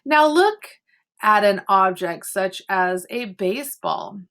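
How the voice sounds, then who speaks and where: Slow-talking woman teaching art online. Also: mid-range voice, lively intonation, a bit bright. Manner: explains step by step with chatty asides. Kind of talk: online class lesson. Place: at home. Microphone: computer mic on a video call.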